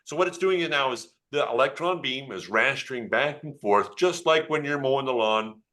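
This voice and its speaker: A man's voice: mid-range voice, expressive, moderate pace, sharp tone. A man with an ordinary mid-range voice shows an electron microscope live. He jokes as he goes and keeps it light for a young volunteer. His voice comes through a computer mic on a video call. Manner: playful, joking, talks to a child. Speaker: geologist demonstrating an electron microscope. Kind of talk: informal live demonstration over video call.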